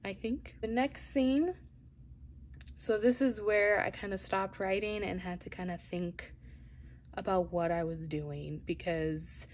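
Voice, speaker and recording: A woman's voice: medium pitch, steady tone, takes it slowly, darkish tone, a little hiss or hum. A young woman chatting to camera about her writing, thinking aloud and rambling, sometimes dropping to a whisper. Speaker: writing vlogger. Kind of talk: casual chat to camera.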